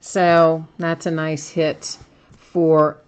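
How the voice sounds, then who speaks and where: A woman with a low voice hosts a live trading-card break. She chats casually, laughs often and reads out viewers' comments as she opens packs. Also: flat delivery, extremely slow, clear, resonant tone. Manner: chatty, laughs often, reads chat aloud.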